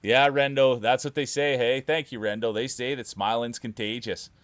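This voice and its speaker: A man's voice: medium pitch, steady tone, normal speed, dry recording. A man commentating marble races live on stream in a hyped announcer patter, chatting with his viewers between calls. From Canada. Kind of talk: playful sports-style race commentary.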